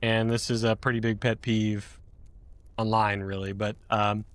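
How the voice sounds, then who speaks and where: A man's voice: on the low side, little pitch movement, a little slow, no echo. Joking man hosting a podcast chat. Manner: chatty and joking, laughs mid-sentence. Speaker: podcast host.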